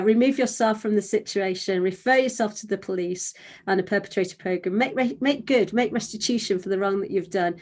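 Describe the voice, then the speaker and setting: A woman's voice: medium pitch, a little mellow. A woman interviewing a church leader over a video call, fluent and encouraging. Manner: fluent, encouraging, light laughs. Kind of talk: conversational interview.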